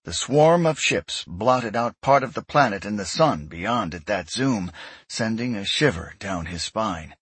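A man giving scripted narration of a sci-fi story in a measured, even way. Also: fairly low pitch, breathy edge, dry recording. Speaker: audiobook narrator.

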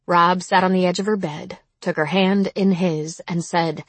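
A woman narrates a story in a measured, somber manner. Her voice is husky and sits low, and the recording is dry and close. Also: steady tone, dry recording. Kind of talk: audiobook narration.

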